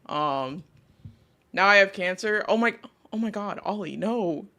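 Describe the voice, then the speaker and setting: A woman's voice: mid-range voice, animated, measured pace, sharp tone. A woman VTuber host chatting casually with her live chat, talking through a sore throat as she comes down sick, swearing freely as she greets viewers. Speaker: VTuber streamer.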